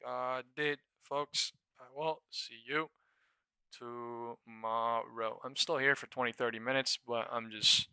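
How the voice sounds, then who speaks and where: A man live-streaming stock trading, talking to his viewers in a loose, profane, excitable way. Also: mid-range voice, slow, clear, resonant tone, dry recording. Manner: profane, excitable, laughs and shouts at market moves. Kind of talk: live-stream market commentary.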